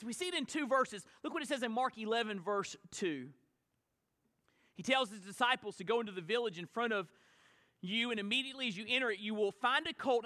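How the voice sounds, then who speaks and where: High-voiced preacher in an echoing church. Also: male voice. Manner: swings from quiet to shouted emphasis. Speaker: pastor. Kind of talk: sermon. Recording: long church hall reverb.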